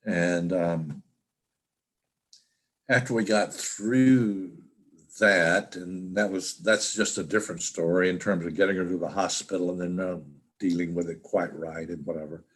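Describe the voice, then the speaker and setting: Slow, deep-voiced older man recalling. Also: steady tone, a bit bright. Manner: halting, with frequent restarts and fillers. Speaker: interview guest. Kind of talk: reflective personal storytelling. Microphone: video call.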